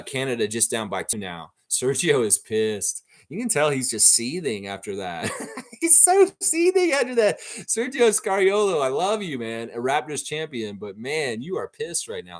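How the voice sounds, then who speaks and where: A man with a mid-range voice hosts a live watchalong stream, calling the game as it unfolds. He talks in an opinionated, excitable way and cheers his team on out loud. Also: medium pitch. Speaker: livestream watchalong host. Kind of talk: live game reaction commentary.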